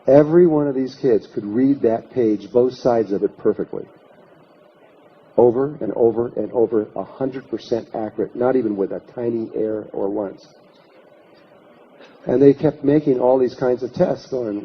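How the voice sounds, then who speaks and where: A male workshop speaker talks at normal speed and medium pitch, recounting a long story and acting out others' words. His anecdotal storytelling lecture is full of restarts, and the dull lo-fi recording has slight background noise.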